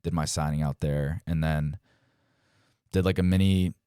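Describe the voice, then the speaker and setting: A young man in his twenties, a pro baseball player appearing as a podcast guest, tells stories casually in a smooth bass voice at a moderate pace. He's animated, acts out quoted dialogue, and says "like" a lot. The studio-quality recording has no room sound.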